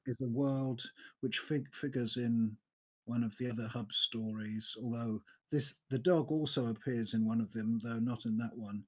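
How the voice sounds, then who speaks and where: Male panelist, mid-pitched, explains the details with hesitant restarts. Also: steady tone, moderate pace, darkish tone. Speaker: podcast panelist. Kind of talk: casual book discussion.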